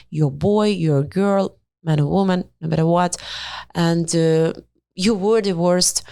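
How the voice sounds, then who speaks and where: A woman hosting a podcast who talks in a casual, expressive way, acting out little quoted dialogues in non-native English with small grammar slips. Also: lowish voice, gravelly, dry recording. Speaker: podcast host and astrologer-matchmaker. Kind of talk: casual monologue. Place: studio.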